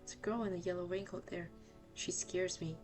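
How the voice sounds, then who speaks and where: A woman's voice: lowish voice, steady tone, brisk, music in the background, natural voice. A woman voicing a nervous, giggly young woman asking for shelter in a horror game. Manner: jittery, hesitant, giggling teehee.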